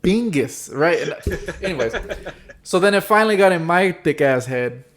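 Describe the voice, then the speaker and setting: Animated storytelling man, casual host. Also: fairly high pitch, normal speed, slight background noise. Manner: animated, acts out quoted voices, swears casually. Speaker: podcast host. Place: San Diego.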